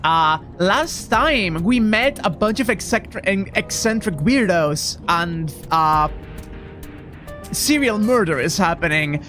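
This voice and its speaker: A woman streaming a video game, joking with her chat and swearing freely. Her pace is slow and her pitch lively. Faint game music runs underneath. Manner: profane, joking, laughs often. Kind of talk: casual gameplay commentary.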